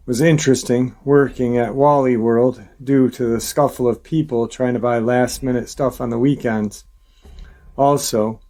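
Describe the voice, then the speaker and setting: Male narrator, average pitch, calm steady reader for first-person story reads. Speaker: channel host reading a viewer's story.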